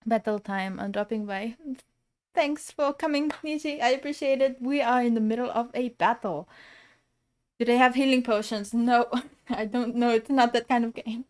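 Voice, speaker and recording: A woman streaming a story game, reading its text aloud softly and then breaking into loud, excited reactions. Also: fairly high pitch, moderate pace. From Japan.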